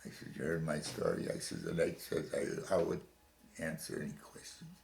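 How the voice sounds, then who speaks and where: Older man, very deep and gravelly. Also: sing-song, a little mellow, echoey room, a little hiss or hum. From Chicago, USA. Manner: halting storytelling with repeated words and restarts. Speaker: veteran interviewee. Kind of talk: oral history interview. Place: home room.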